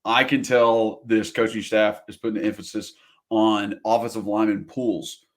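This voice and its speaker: A man's voice: lowish voice, level tone, normal speed. Man, podcast co-host, casual sports chat, emphatic, repeats for stress.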